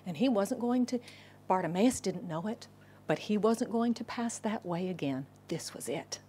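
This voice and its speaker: A middle-aged woman pastor preaching a sermon, telling a story with animated voices and dropping to a whisper for inner thoughts. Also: medium pitch, normal speed, husky.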